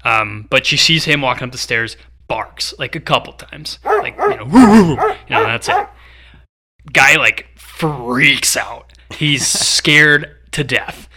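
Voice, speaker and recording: Podcast co-host: young guy, bright and tense-sounding, loose rambling anecdote. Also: medium pitch, takes it slowly. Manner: rambling storyteller, filler-heavy. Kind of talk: casual chat.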